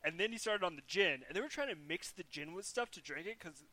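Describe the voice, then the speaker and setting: Bright, high-voiced man telling stories. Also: animated, fast talker. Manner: storytelling, profane, laughing often. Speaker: older brother telling stories. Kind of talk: casual chat.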